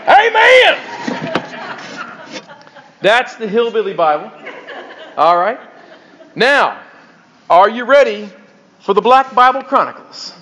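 A man's voice: high voice, animated, unhurried, long pauses, fairly bright tone, a little hiss or hum. A man preaching in a casual, conversational teaching style, chatty with hesitations. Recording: dull lo-fi recording.

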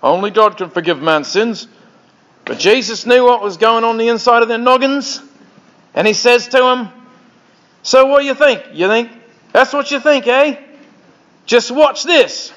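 A man putting on a loud Aussie yarn-spinner. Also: extremely high pitch, a little slow, long pauses. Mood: hearty. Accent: Australian, put on. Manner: boisterous, punchy, slangy. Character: hearty Australian male yarn-spinner. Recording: dull lo-fi recording.

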